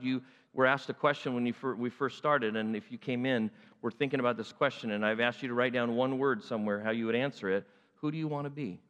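A man preaching to a congregation with a fairly high voice that climbs and swoops as he acts out the story in character. A long reverb from the hall trails after every phrase. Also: a bit bright. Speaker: pastor. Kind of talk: sermon.

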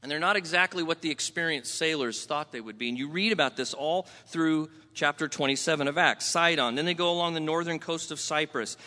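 A man from Southern California preaching a sermon in a conversational, animated way, questioning the congregation. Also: fairly high pitch. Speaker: pastor. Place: church sanctuary. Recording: long hall reverb.

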